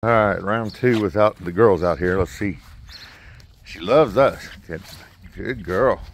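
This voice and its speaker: A man's voice: lowish voice, unhurried, a little hiss or hum. Easygoing man in a yard. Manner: easygoing, coaxes the dog between remarks. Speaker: vlogger walking a new puppy. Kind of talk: casual running commentary. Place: outdoors in a yard.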